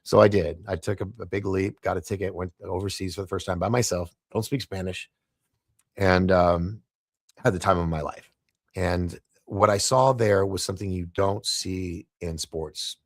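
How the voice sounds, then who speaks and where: A gravelly, fairly low-pitched man spins a story as a podcast guest. He tells it animatedly, with frequent laughs and quick restarts, and his voice sounds close and dry. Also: fairly even intonation, dry recording. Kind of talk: casual storytelling.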